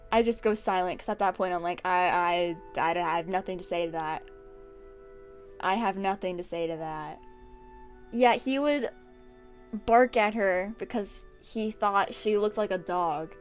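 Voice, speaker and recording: A young woman streamer casually telling work stories to her chat while drawing, animated, laughing often and acting out what people said. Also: medium pitch, a little slow, long pauses, clear, resonant tone, faint music behind.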